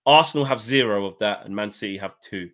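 A man's voice: fairly low pitch, fairly quick, fairly bright tone. A man co-hosting a casual football chat, sarcastic, reading quotes aloud and swearing. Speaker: podcast co-host.

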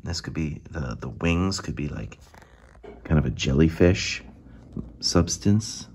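A man giving an enthusiastic, casual review of gaming miniatures, now and then dropping into hushed asides. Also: a bass voice, lively intonation, takes it slowly, a little hiss or hum.

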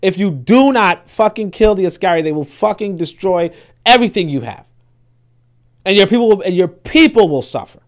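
A man's voice: high-pitched, animated, moderate pace. A man giving impassioned, profane commentary, reading an article aloud and reacting to it, often repeating himself. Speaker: political commentator.

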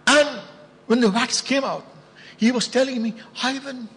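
A man's voice: extremely high pitch, normal speed, fairly bright tone, husky. A man preaching a sermon as pastor, telling stories and repeating phrases for emphasis. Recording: long hall reverb.

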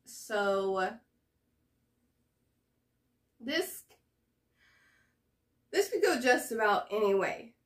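A woman's voice: medium pitch, fairly bright tone. A woman hosting a reaction video, chatting casually to camera and thinking aloud with fillers and hesitations.

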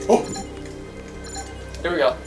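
A man giving excited gameplay commentary, yelling and laughing at the game as host. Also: slow pace, music in the background. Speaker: gaming channel host. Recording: distant mic with clear background noise.

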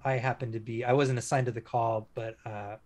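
A man, a former police officer, speaking as an interview guest and telling a story in a casual, halting way, full of restarts and fillers. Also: mid-range voice, little pitch movement, a little mellow.

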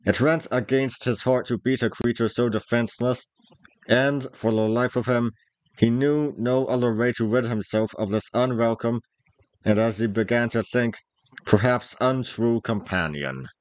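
A man narrating a classic adventure story in a measured, unhurried read-aloud style. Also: mid-range voice, no room sound, low-quality recording. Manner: measured, unhurried reading of old-fashioned prose. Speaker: story reader, vtuber.

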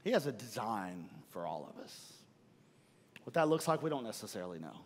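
A middle-aged male pastor preaching, telling a personal story with animated, playful acting-out. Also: lowish voice, brisk, slight background noise. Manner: animated storytelling, acts out own frustration. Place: church hall. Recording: long hall reverb.

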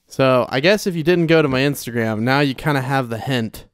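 A man's voice: medium pitch, brisk, no echo, studio quality. A young man casually commenting while playing a game, chatty and rambling with lots of fillers and restarts. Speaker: let's play host. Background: soft game music.

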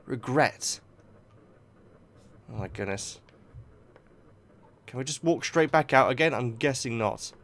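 A young man hosting a let's play, excitably talking to himself and the game. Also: medium pitch, moderate pace, long pauses. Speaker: gaming video host.

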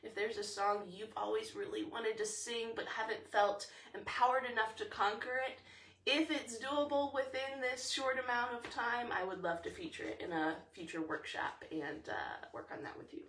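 A woman, teaching a livestreamed singing warm-up from home in a chatty, encouraging way that sometimes drops to breathy whispers. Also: fairly high pitch, normal speed, roomy sound, distant mic, slight background noise. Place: home, over a slow internet livestream.

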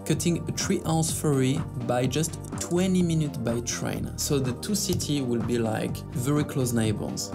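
Gravel-voiced guy doing snarky news commentary, mocking asides, soft music underneath. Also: medium pitch. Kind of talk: sarcastic news commentary vlog.

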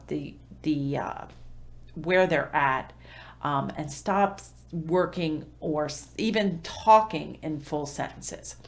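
A middle-aged woman with a fairly low voice offers parenting tips to the camera. Her style is conversational and instructive, full of fillers and self-corrections.

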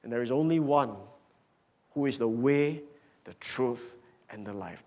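A man preaching a sermon in a church hall, emphatic, swinging from loud declarations to hushed whispers. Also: mid-range voice, very animated, unhurried. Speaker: pastor.

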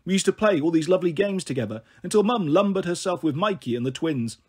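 A man reading a children's story aloud with gentle, steady narration. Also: high-pitched, fast, husky.

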